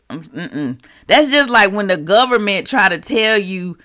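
A preacher teaching scripture in a casual, animated way, reading verses and turning to the listeners with quick asides. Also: medium pitch. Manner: animated, talks straight to the audience with asides; slangy and conversational while quoting scripture. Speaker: Bible teacher.

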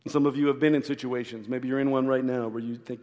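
A man's voice: mid-range voice, level tone, fast, darkish tone. A man preaching a sermon as a pastor in a church, earnest, often repeating words to press a point. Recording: echoey hall.

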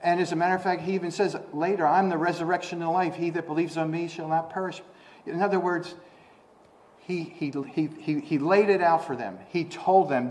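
His sermon feels like a conversation, full of rhetorical questions and frequent restarts. Scripture quotations push his pitch and volume upward, and his voice has a somewhat dark tone.

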